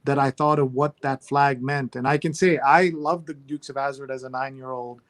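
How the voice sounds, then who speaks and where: Hosting a live online readalong over a video call, a man chats casually at a medium pitch and normal speed with fairly even intonation. He skims headlines aloud, sprinkling in fillers.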